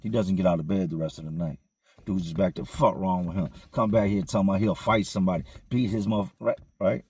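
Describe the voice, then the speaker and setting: A man's voice: deep voice, fast, darkish tone, husky, no echo. A man casually telling a story in slangy street vernacular, with frequent conversational asides to the listener.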